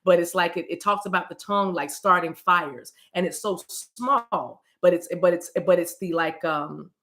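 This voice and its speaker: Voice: mid-range voice, moderate pace, pushed and bright. A spiritual card reader giving a casual message, quoting scripture loosely, who often repeats words and restarts sentences.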